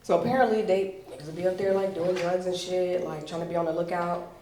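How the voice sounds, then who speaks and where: A woman's voice: fairly low pitch, quick pace, a little hiss or hum. Brash, profane woman doing stand-up. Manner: brash, profane, animated storytelling. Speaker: stand-up comedian. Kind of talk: stand-up comedy set. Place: comedy show venue. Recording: roomy venue sound, mic at a distance.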